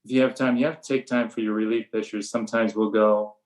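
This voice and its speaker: An older man, a veteran baseball coach, speaks in a low and fairly flat voice. His manner is plain and matter-of-fact as he explains his drills. Every so often he acts out the blunt words he gives his players. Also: quick pace, rough recording. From USA. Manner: flat, matter-of-fact storytelling, acting out his own sharp coaching lines. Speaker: high school baseball coach. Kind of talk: relaxed podcast interview.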